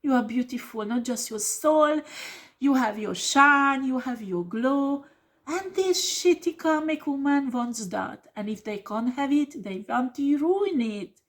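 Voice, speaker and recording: Woman, tarot reader, blunt, emphatic, slightly high voice. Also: animated, unhurried. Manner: blunt, emphatic, swears when upset. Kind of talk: tarot reading video.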